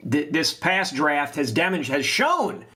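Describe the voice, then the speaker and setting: A man's voice: fairly high pitch, very animated, a little slow, pushed and bright. Thoughtful man weighing team spending. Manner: thoughtful, hesitant restarts. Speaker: podcast co-host. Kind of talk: casual podcast analysis.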